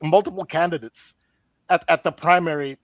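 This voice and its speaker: A man's voice: fairly high pitch, moderate pace, a bit bright, no echo. A man on an online roundtable, earnestly laying out a theory, often restarting his sentences. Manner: earnest, explanatory, with frequent restarts. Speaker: roundtable guest presenting a theory. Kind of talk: casual online roundtable discussion.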